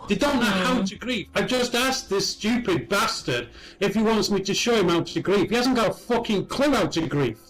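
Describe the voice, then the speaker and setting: A man's voice: high-pitched, expressive, moderate pace, hardly any pauses, fairly bright tone. A man trolling strangers in online voice chat, mocking and teasing in a sing-song way.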